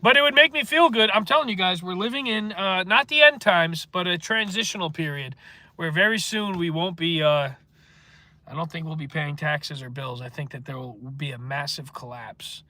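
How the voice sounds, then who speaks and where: A man's voice: a little high, moderate pace, sharp tone. A man hosting a casual livestream, rambling and swearing as he answers chat comments. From northeastern United States. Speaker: livestream host.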